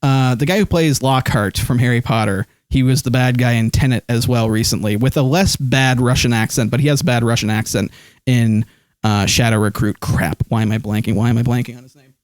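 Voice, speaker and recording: Speaking a little fast in a mid-range voice, a man streams live through a desk microphone in a dry, studio-quality recording. He holds his phone while rambling casually and reading out chat comments, filling his speech with fillers.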